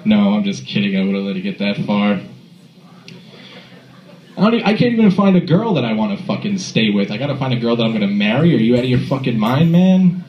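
A man doing a crude, animated stand-up set in a comedy club, recorded on a phone from the audience. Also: lowish voice, fairly quick, roomy sound, muffled recording. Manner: crude, animated storytelling with acted-out voices. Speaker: stand-up comic.

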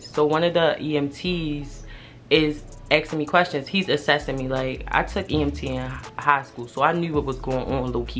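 A young adult woman telling a personal story in a casual vlog, animated and slangy, swearing freely. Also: sits low. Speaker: vlogger.

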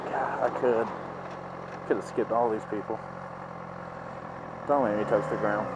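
A man's voice: lowish voice, fairly even intonation, measured pace. Swearing man on a noisy motorcycle. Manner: ranting at traffic, sarcastic, swears freely. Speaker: vlogger. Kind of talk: casual helmet-cam commentary while riding. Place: riding a motorcycle in city traffic. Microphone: mic inside a motorcycle helmet. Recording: helmet mic with loud road noise. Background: traffic and engine noise.

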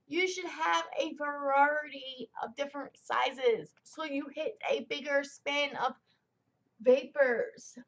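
A woman's voice: high-pitched, a bit bright, lo-fi sound. A young woman rambling through a casual product review vlog in a chatty way, full of fillers and tangents.

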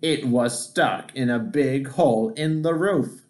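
Slow, gentle man reading a picture book. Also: medium pitch. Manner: gentle, expressive storytelling. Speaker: storybook reader.

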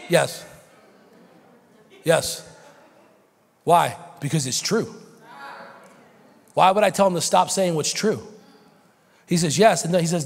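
A man preaching a sermon as pastor in a church, moving from quiet teaching to loud, shouted preaching. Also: on the high side, measured pace, gravelly, long pauses. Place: church sanctuary. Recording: long hall reverb.

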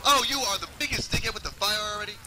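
A man chatting and swearing loudly while playing a co-op zombie shooter, often shouting in panic. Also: high-pitched, very fast, noisy background. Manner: loud, swearing, yelling in panic. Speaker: gamer. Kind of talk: casual co-op gaming chat.

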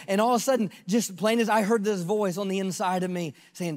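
A man in his fifties preaches his testimony from the pulpit with a high voice. He builds passion through repetition, rising loud and then dropping to a hush. His words trail off into a long church reverb. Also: fairly even intonation, brisk, few pauses. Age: 50s. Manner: impassioned, repetitive preaching that swings between loud and hushed. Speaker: pastor. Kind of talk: sermon testimony.

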